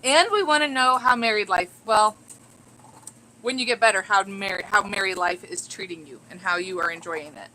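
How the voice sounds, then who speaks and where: Laughing a lot and clearly giddy, a female vlogger reads her live chat aloud during a relaxed livestream from home. She speaks at a normal speed with a medium-pitched, bright, forceful voice, captured on a rough recording.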